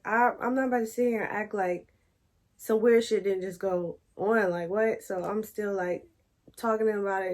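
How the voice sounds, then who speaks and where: Chatty young woman telling a story. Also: mid-range voice. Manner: chatty, animated, addresses viewers as y'all. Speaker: storytime vlogger. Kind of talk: casual storytelling to camera.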